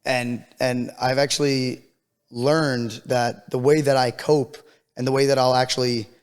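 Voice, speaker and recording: A man's voice: medium pitch, little pitch movement, unhurried, smooth, in a large hall. A man co-hosting a podcast in casual chat. He is laid-back, swears freely and repeats words for emphasis. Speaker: podcast co-host.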